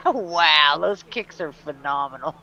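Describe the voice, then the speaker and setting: A man's voice: fairly high pitch, lively intonation, slow pace, sharp tone, a little hiss or hum. A man co-hosting a casual chat, exasperated and swearing, on dull lo-fi audio. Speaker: co-host.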